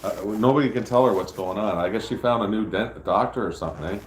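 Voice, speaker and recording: A man's voice: fairly low pitch, quick pace, echoey room, slight background noise, low-quality recording. A man hosting a livestream, chatting casually and telling long, rambling stories full of swearing. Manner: rambling, profane storytelling. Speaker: livestream host. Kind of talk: casual chat.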